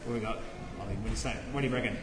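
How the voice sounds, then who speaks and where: A man's voice: on the low side, very fast, background noise. A man preaching as a pastor, playfully quizzing the children during a sermon. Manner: playful, asks the kids questions. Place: church. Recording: echoey church hall, faint ambience.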